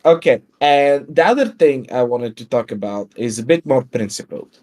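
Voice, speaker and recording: A man's voice: medium pitch, animated, moderate pace, a little mellow. A man, a guest on a livestream, ranting in a profane and sarcastic way in casual chat over a video call mic.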